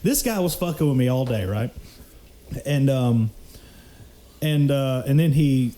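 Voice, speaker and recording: A young man telling animated, profane stories in a casual podcast chat, laughing often. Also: medium pitch, unhurried, a little hiss or hum. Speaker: podcast co-host.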